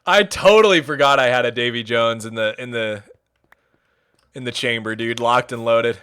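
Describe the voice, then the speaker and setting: A man's voice: medium pitch, moderate pace, fairly bright tone, smooth. A man chatting casually on a livestream, chatty and enthusiastic, rambling as he goes. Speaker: streamer.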